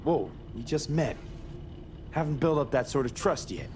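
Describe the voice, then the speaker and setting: A man's voice: fairly high pitch, expressive, normal speed, darkish tone, slight background noise, lightly acted. An actor playing a blunt, sarcastic male mercenary in a video game. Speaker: game protagonist.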